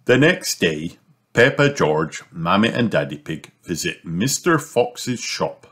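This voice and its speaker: A man reads a children's picture book aloud in a deep voice. He takes his time and lets his pitch rise and fall with a sing-song expressiveness. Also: sing-song, slow pace, fairly bright tone, husky. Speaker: storybook reader. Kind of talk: children's storybook read aloud.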